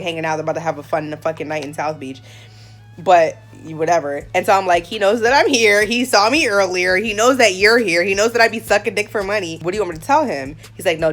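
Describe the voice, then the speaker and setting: A young woman tells a story in a casual, unfiltered way, swearing freely and slipping into the voices of the people she quotes. Her pitch sits in an ordinary middle range, and a faint bed of music plays underneath. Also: a bit bright. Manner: candid and profane, acts out quoted dialogue.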